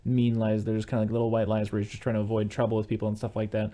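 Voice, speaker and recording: Fast-talking male podcast host. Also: lowish voice. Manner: quick, animated retelling of film scenes. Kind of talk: casual movie discussion.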